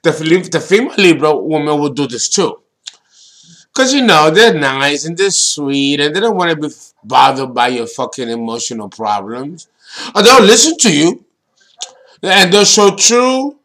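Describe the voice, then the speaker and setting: Slow, high-voiced man lecturing on astrology. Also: sharp tone. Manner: deliberate, emphatic, blunt with casual swearing. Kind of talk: solo astrology talk.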